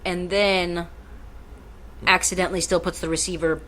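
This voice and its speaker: A woman's voice: fairly low pitch, flat delivery, moderate pace, fairly bright tone. A woman co-hosting a podcast in casual chat, rambling and swearing freely. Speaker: podcast co-host.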